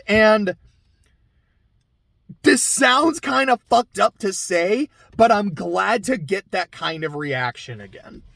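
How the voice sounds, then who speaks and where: A man's voice: high voice, a bit bright, dry recording. A man giving a casual, candid recap of a reality TV episode, chatty and swearing freely.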